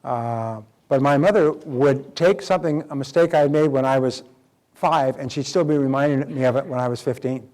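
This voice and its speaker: An older man giving a motivational seminar talk, animated, acting out quoted speakers as he tells stories. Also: medium pitch, normal speed.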